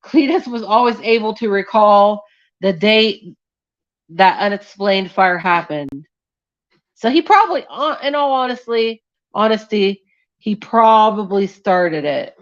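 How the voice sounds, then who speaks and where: A woman tells a true crime case on her live stream at an unhurried, drawn-out pace, casual and a little sweary. Her voice sounds dull and lo-fi through the stream audio. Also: medium pitch. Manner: loose, sweary and distracted, scolding a cat mid-story.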